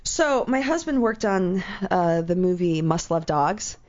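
A middle-aged woman chatting casually and telling an animated story, acting out what other people said. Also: fairly low pitch, measured pace. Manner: animated storyteller, acts out quoted voices. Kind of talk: casual chat. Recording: slightly dull lo-fi sound.

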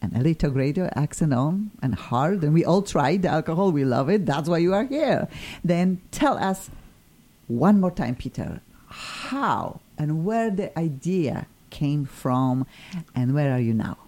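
Mellow-voiced radio talk show host. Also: female voice, deep voice, big pitch swings, a little slow. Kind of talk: casual radio interview.

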